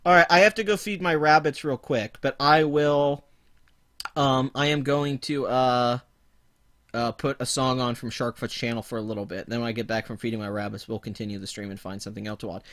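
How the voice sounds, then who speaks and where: A man's voice: mid-range voice, fairly even intonation, brisk, a bit bright. A man casually chatting on a livestream, laid-back, rambling and profane. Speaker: livestream host.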